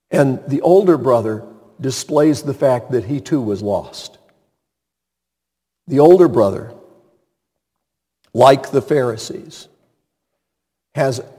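Slow husky-voiced preacher in a reverberant hall. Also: male voice, fairly high pitch, dark tone. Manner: dramatic storytelling, rising to emphatic peaks. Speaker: pastor. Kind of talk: sermon.

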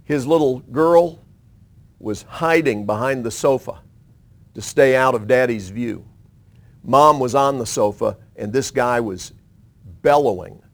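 A man preaching on a radio program, telling a story with dramatic pauses and slowing down for emphasis. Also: mid-range voice. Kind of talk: sermon storytelling.

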